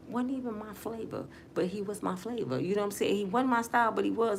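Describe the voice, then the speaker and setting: A woman's voice: medium pitch, brisk, vocal fry, a little hiss or hum. A middle-aged woman from Michigan, earnestly telling her life story as a personal testimony in casual, emotional talk. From Michigan, USA.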